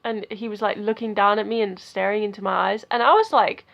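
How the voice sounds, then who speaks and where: A young woman vlogging, telling a story in a chatty, animated way that gets loud and giggly, with lots of "like" and "okay.". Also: medium pitch, fairly quick, vocal fry, lo-fi sound. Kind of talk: casual storytelling to camera.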